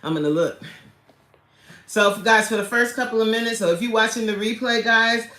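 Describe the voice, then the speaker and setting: A woman's voice: fairly high pitch, brisk, pushed and bright. A woman hosting a casual livestream, chatting loosely and greeting viewers by name as she jokes along. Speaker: livestream host and coach. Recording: echoey room.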